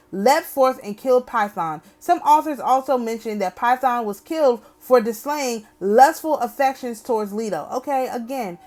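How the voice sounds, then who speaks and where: A woman hosting an astrology channel. She reads a text aloud and keeps breaking off for wry, opinionated asides, often asking "okay?". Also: on the high side. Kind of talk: reading a text aloud with commentary.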